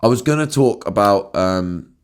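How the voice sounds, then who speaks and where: On his own podcast, a man gives an emotional solo monologue after crying, earnest and stumbling, restarting words and swearing casually. His lowish voice is smooth and animated, at normal speed.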